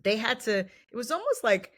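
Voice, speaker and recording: A woman's voice: on the high side, very animated, moderate pace, a bit bright, no room sound. Enthusiastic woman co-hosting a podcast, dry sound. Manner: enthusiastic, emphatic, affirming. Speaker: podcast co-host. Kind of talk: casual chat.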